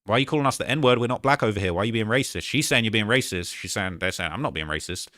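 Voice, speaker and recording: A man's voice: fairly low pitch, very fast, pushed and bright, no room sound, clean studio sound. A man hosting a live stream, giving casual, slangy commentary as he re-quotes lines from a clip he is playing.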